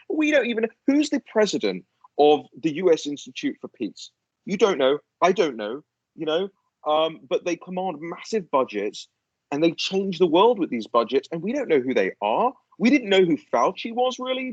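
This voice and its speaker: A man's voice: a little high, no room sound, lo-fi sound. A man as a guest in a casual political chat, ranting animatedly and swearing freely.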